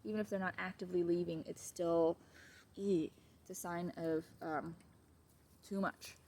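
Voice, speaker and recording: A woman's voice: fairly even intonation, normal speed, darkish tone, a little hiss or hum. A woman dog trainer giving a casual, chatty video lesson at home, wandering into asides. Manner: chatty, digressive, switches to high baby talk with her dog. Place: at home with her dogs.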